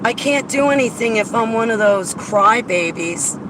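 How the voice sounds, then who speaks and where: A blunt, argumentative woman rants in a casual vlog from around her car. Clear traffic and street noise runs behind her voice. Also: a little high, expressive, moderate pace. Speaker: vlogger.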